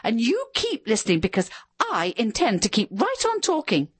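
A shrill, screeching dead wife's ghost, nagging and indignant, her voice climbing high and swooping wildly, as a woman reading a story puts her on. The sound is close and dry. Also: wildly swooping pitch, normal speed, slightly rough, no room sound, full character voice. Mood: shrill scolding. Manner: scolding, indignant.

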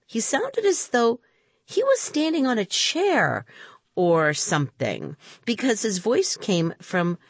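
Husky woman reading a story animatedly. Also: a little high, wildly swooping pitch, slow, no echo. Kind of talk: storybook narration.

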